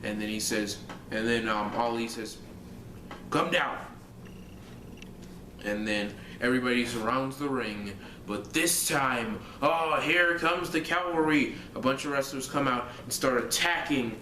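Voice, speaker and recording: A man's voice: medium pitch, moderate pace, bright, forceful tone, a little hiss or hum. A young man vlogging casually, rambling through a story with lots of fillers and restarts. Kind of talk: casual fantasy-booking monologue. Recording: echoey room.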